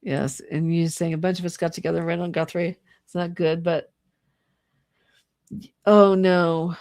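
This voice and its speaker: A woman's voice: lowish voice, fairly even intonation, a little slow, darkish tone, dry recording, studio quality. A middle-aged woman hosting a livestream, ranting casually and with exasperation, laughing often and mocking people in put-on voices. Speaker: livestream host. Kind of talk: casual political rant on a livestream. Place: home, fire going nearby.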